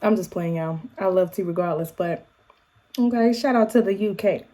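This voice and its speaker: A woman with an African American English accent talks casually to her viewers at home, mellow and warm in tone. She is animated, throwing in quick asides and shout-outs as she chats. Her pitch sits in an ordinary middle range. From United States. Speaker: YouTube vlogger. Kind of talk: casual chatty vlog.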